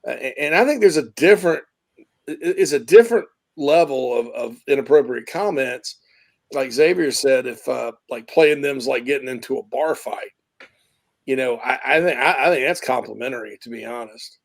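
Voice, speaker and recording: Male sports host, gravelly voice, rambling, restarts often. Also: medium pitch, normal speed. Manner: rambling, self-correcting, thoughtful. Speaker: sports talk show host. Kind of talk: casual sports talk.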